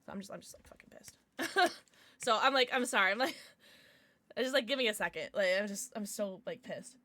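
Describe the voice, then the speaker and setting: A woman's voice: medium pitch, fairly quick, sharp tone, a little hiss or hum. A woman streamer chatting casually on a livestream, rambling with frequent restarts and plenty of swearing.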